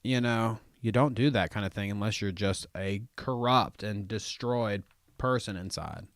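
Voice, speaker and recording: Joking Southern host, dry close mic. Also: male voice, on the low side, a little slow, no echo. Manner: joking, rambling, laughs often and swears freely. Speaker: morning show host. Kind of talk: profane reaction commentary on a clip.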